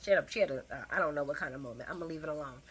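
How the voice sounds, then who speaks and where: A woman's voice: low-pitched, rapid-fire, slightly rough. A woman recapping a soap opera episode in casual chat, full of sassy asides and frequent laughter.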